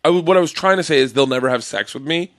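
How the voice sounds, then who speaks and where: A man guesting on a podcast, telling anecdotes in an animated way and acting out the other people in them. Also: fairly high pitch, very fast, no room sound, clean studio sound. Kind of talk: casual chat.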